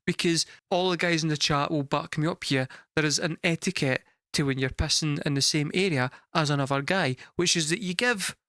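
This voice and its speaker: A young Scottish man telling a story casually to a live chat, animated and swearing freely, laughing through the punchlines. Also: fairly high pitch, smooth, dry recording, clean studio sound. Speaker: music reaction streamer.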